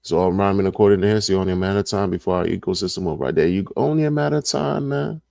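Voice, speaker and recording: A man's voice: sits low, very fast, gravelly, darkish tone, no room sound, studio quality. A man hosting a casual livestream and reading the chat, talking in an emphatic, slangy way and repeating his points over and over. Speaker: crypto livestream host.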